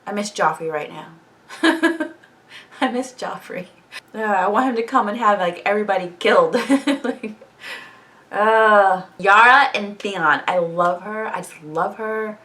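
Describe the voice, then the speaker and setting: A woman recapping a TV episode in a casual, animated reaction vlog, swearing freely and laughing often. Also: mid-range voice, a little slow, recorded from a distance. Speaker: TV show reaction vlogger.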